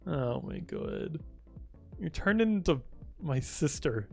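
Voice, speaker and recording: A man's voice: a little high, wildly swooping pitch, takes it slowly, gravelly, pauses often, soft background music. A young man streaming live, chatting casually, teasing and swearing as he rambles.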